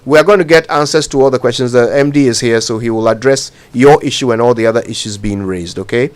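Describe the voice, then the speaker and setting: A man's voice: mid-range voice, fast talker, clean tone. A man hosting a radio call-in show, greeting callers with short friendly replies. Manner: friendly, brief acknowledgements.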